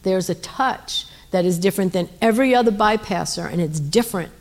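A woman's voice: medium pitch, brisk. A woman telling a faith testimony as a missionary speaker, earnest and emotional, with frequent fillers. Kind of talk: testimony storytelling.

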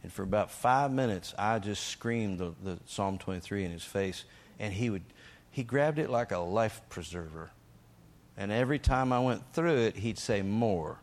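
A man with a fairly low-pitched voice delivers a sermon testimony. He tells the story with energy and emphasis. He acts out the lines he shouted. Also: animated, normal speed. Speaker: preacher.

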